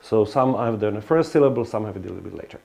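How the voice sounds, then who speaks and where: A man's voice: lowish voice, lively intonation, fast talker, gravelly, darkish tone. Hesitant male lecturer. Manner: hesitant, many restarts and fillers. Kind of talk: academic lecture.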